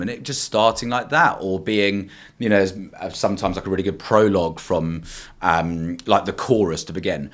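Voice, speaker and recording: Young man, eager and rambling, lowish voice, conversational podcast guest. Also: moderate pace. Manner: enthusiastic, rambling, many fillers. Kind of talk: casual chat.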